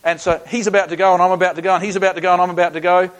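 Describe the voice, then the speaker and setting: A man's voice: sits high, flat delivery, racing, rough recording. Folksy Australian man preaching. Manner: conversational, folksy, with frequent restarts. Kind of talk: sermon with personal storytelling.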